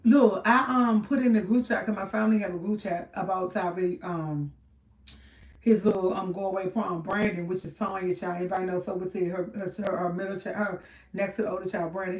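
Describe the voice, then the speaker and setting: A woman's voice: medium pitch, a little fast, darkish tone, distant mic. A middle-aged woman, chatting casually and rambling with viewers on a livestream, laughing often. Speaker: livestream host. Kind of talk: casual live chat with viewers. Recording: roomy sound from off-mic.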